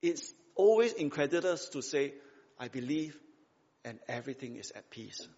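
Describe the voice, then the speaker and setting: A man's voice: fairly high pitch, big pitch swings, moderate pace, darkish tone, slightly rough. A man preaching a sermon in a conversational, emphatic way, full of rhetorical questions and tag questions. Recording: dull sound with long hall reverb.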